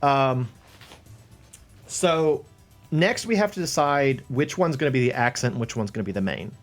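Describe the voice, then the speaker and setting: A man's voice: medium pitch, animated, moderate pace. A man hosting a live stream while he paints a model, thinking aloud, rambling and chuckling to himself as he talks to his viewers. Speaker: livestream host painting a model. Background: faint background music.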